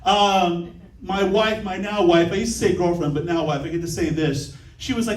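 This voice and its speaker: A man's voice: high voice, moderate pace, echoey room, recorded from a distance, poor audio. A man performing a stand-up comedy set in a comedy club, telling jokes conversationally with frequent ums.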